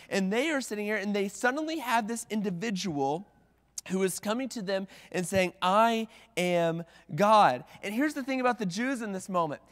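High-voiced man preaching in a reverberant church. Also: fairly bright tone. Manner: conversational, with many "like"s and restarts. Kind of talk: sermon. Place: church sanctuary at the pulpit. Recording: long reverb of a church hall.

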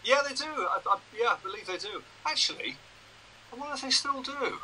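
A man's voice: very high-pitched, lively intonation, fairly quick, pushed and bright, slight background noise, low-quality recording. A man in his sixties, a broadcaster and journalist, chatting anecdotally over a video call. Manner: chatty, anecdotal, self-deprecating. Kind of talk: casual interview chat.

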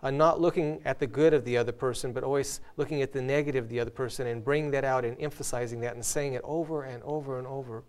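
A man's voice: mid-range voice, fairly even intonation, fast talker, few pauses, a little mellow, smooth. A man hosting a casual spiritual discussion, earnestly telling illustrations from his own life. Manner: earnest storyteller, tells illustrations with light laughs. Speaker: host.

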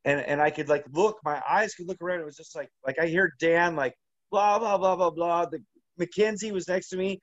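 A man with a fairly high voice tells a long story in a loose, rambling way, stopping and restarting often. The sound is dry and dull, as if recorded close up on modest gear. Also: dry recording. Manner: rambling, halting, full of "like" and restarts. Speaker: interview guest. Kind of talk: casual storytelling.

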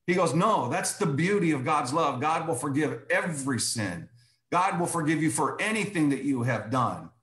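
A man's voice: on the high side, a bit bright, echoey room. A man telling his personal testimony as a guest, emphatic and repetitive, often saying "I said".

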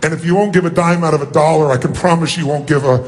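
A man with a husky, fairly high voice delivers a motivational speech. He tells a personal story with animated, emotional storytelling and climbs higher in pitch as he gets stirred up. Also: quick pace. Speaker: motivational speaker.

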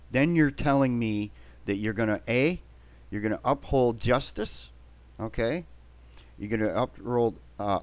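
A man's voice: mid-range voice, dry recording. An older man in a blunt, combative monologue to camera, often ending points with "right?" or "okay?". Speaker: vlogger.

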